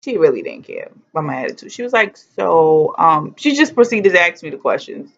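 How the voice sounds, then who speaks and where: A woman with a somewhat low voice tells a personal story straight to camera, joking her way through it and cursing without a filter. The sound is dull and lo-fi. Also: very animated, a little fast, gravelly. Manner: humorous, blunt, swears freely. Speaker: vlogger telling her birth story.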